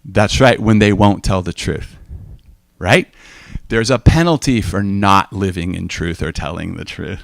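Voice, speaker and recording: Animated man giving a sermon-style talk. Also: deep voice, unhurried, vocal fry, no room sound, clean studio sound. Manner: animated storytelling, acts out dialogue, emphatic repetition. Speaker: speaker.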